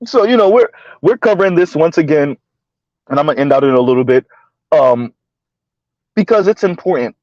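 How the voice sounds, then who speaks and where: A man's voice: fairly high pitch, lively intonation, fairly quick, long pauses, a little mellow, dry recording. A man hosting a casual commentary vlog who chuckles often and keeps asking his audience "right?". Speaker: host, social commentator. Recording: dull lo-fi recording, dry.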